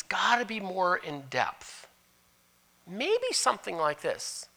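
Animated, bright-voiced male preacher. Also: high voice, measured pace, vocal fry. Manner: animated preaching, switching between loud emphasis and hushed asides. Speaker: pastor. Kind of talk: sermon.

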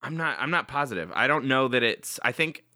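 A man's voice: medium pitch, lively intonation, fairly quick, sharp tone, dry recording. Brief: male podcast co-host, laughs easily, hedging restarts, dry close-mic sound. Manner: joking, laughs often, hedges and restarts. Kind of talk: casual chat.

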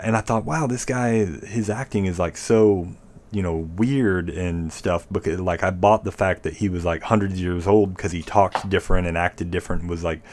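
Guy with a really low voice ranting casually on a podcast, rambly, swears a lot. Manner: opinionated, rambling, swears freely. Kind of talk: casual chat.

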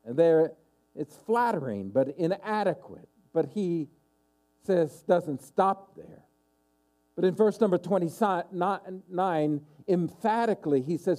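A man's voice: high-pitched, big pitch swings, a little slow, dark tone. A man preaching a sermon as pastor, emphatic and repeating his key questions for stress.

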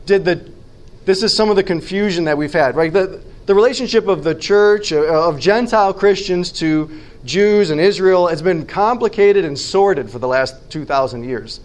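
A man preaching a sermon as pastor, conversational and emphatic, slowing down to stress key phrases and asking the listeners questions. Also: high-pitched.

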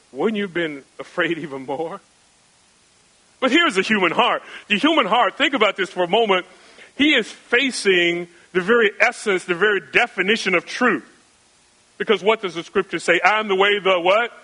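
A male pastor preaching with a bright, forceful and fairly high voice. He builds his sermon on rhetorical questions and emphatic repetition, and his delivery swings between raised and hushed passages. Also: rough recording. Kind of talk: expository sermon.

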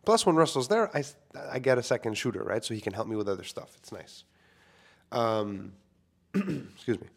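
A man's voice: mid-range voice, sing-song, moderate pace, gravelly, long pauses. A young man, a filmmaker, talking casually into a microphone to his listeners, candid and self-deprecating, swearing freely. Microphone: studio microphone.

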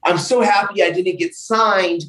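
A young man, a wrestler, telling wild road stories on a podcast in a loud, profane, animated way. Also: high voice, measured pace, distant mic, low-quality recording. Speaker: wrestler guest. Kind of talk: casual podcast storytelling.

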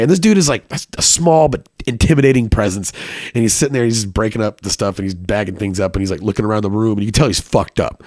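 A man's voice: fairly low pitch, quick pace, darkish tone, dry recording, clean studio sound. A man telling a personal story casually, with lots of swearing and filler words.

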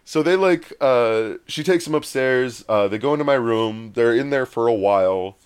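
Smooth-voiced man telling a rambling story. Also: mid-range voice, normal speed. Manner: rambling, animated, acts out quoted voices. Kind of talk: casual storytelling chat.

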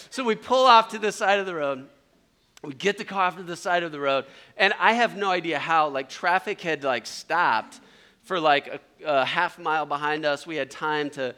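A middle-aged man speaking at a retreat, telling an animated story in a sermon and acting out the voices of the people in it. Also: on the high side.

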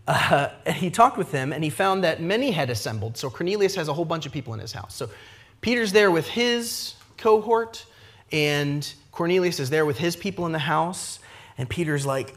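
A man preaching a sermon, retelling scripture in a lively conversational way, often adding asides and briefly acting out the characters' lines. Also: on the high side. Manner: lively expository preaching, frequent asides with "right?"; acts out the characters' lines in quick voices. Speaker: pastor.

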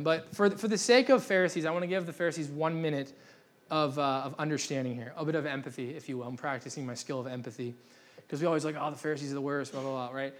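Casual joking male preacher, slightly high. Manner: casual, joking, restarts often. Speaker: pastor. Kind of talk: sermon. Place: church gathering.

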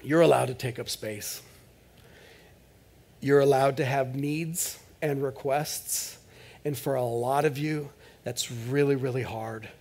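A male pastor preaching a sermon in church in a conversational, joking way, swinging between loud bursts and hushed asides. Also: medium pitch, steady tone, slow.

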